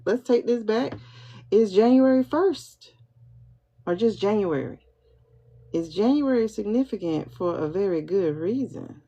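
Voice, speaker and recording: A woman hosting a livestream pendulum reading, excitable, repeating herself as she questions her spirit guide and talks to viewers. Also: medium pitch, measured pace. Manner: excitable, keeps repeating "hold on" while asking questions. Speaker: tarot reader host. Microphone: phone or computer mic for livestream. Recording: dull lo-fi livestream audio.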